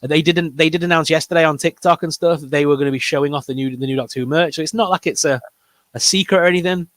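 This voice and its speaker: A man's voice: a little high, fast talker, fairly bright tone, no echo. A man with a northern English accent, co-hosting a casual toy and geek news chat in a rambling, upbeat way. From northern England. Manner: rambling, upbeat, trails off humming. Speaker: co-host of a toy news show.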